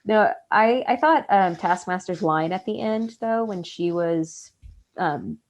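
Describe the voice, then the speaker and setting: A woman's voice: lowish voice, takes it slowly. A woman co-hosting a podcast, chatting casually with playful jokes and acted-out quotes. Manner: joking, playful, acts out quotes. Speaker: podcast co-host. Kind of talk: casual chat.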